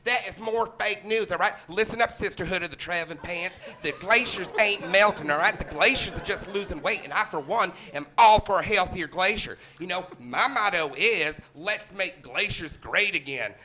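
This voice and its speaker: A man voicing a blustering know-it-all who loudly dismisses the facts. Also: high-pitched, moderate pace, few pauses, crowd noise, close to an everyday voice.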